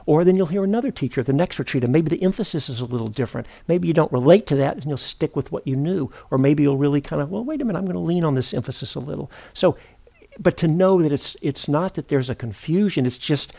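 A middle-aged man giving a meditation teaching at a retreat center, speaking in an unhurried, thoughtful way, often pausing to correct himself. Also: on the high side, lively intonation, creaky, mellow. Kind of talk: dharma talk.

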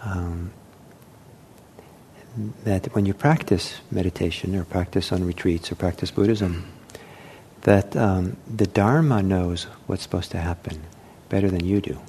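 A man teaching meditation in a gentle, unhurried way, with many pauses, fillers and restarts. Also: sits low, slight background noise. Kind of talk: dharma talk.

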